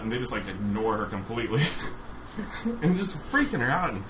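Man telling a story, lively pitch. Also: brisk. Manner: animated, laughs often while telling. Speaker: podcast regular telling a story. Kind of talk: casual storytelling. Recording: noisy recording.

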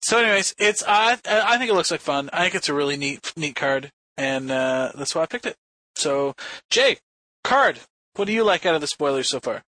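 Bright-voiced easygoing podcast host man. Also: fairly high pitch, animated, moderate pace, no room sound. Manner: easygoing, steers the talk with questions. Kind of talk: casual chat.

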